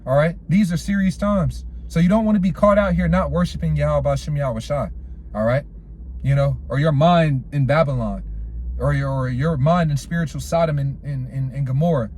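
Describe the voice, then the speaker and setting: Slangy, fairly high-voiced male preacher. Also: fairly quick, a little mellow, a little hiss or hum. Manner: peppers speech with "all right" and "man"; casual slangy storytelling. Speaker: street preacher. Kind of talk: informal sermon with scripture quotes.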